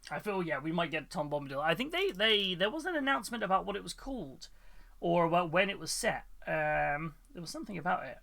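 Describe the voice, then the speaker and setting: Man, high bright voice, casual live-stream chat, lots of ums, laughs a lot. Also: animated, brisk, gravelly. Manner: chatty, many fillers, laughs often. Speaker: hobby stream host.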